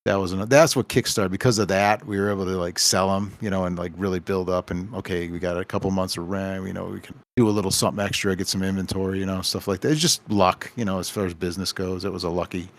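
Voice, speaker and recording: Store-owner guest type: low-pitched man, loose storyteller who voices the people in his tales. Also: fairly even intonation, quick pace, hardly any pauses. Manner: rambling anecdotes with acted-out quoted dialogue. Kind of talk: casual podcast storytelling.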